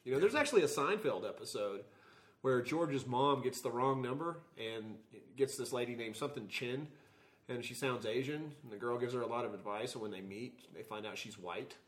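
This is a man in the middle of a loose podcast chat who swears freely and tells stories with lots of energy. His voice sits at an everyday pitch, and he keeps breaking into laughter between lines. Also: normal speed. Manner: profane, animated storytelling with frequent laughs. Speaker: podcast co-host. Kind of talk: casual chat.

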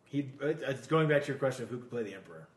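A man in casual podcast chat, jokey and quick to laugh, slipping into impressions as he tells stories. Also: medium pitch, lively intonation. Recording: roomy echo.

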